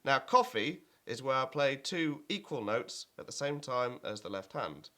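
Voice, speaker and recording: A man's voice: medium pitch, measured pace, over loud music. Guy teaching blues keyboard online, easygoing, says uh a lot, medium voice. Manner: chants rhythm words loudly over playing; relaxed explaining with fillers. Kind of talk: online music lesson.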